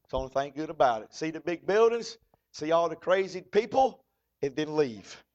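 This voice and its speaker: A man's voice: a little high, a little mellow. A man preaching a folksy, fervent sermon. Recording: dull lo-fi recording.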